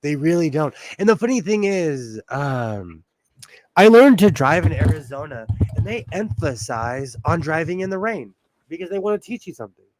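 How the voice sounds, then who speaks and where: A man's voice: fairly high pitch, big pitch swings, normal speed. A man hosting a casual sewing livestream from home, bubbly and laughing often as he greets viewers. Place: at home indoors.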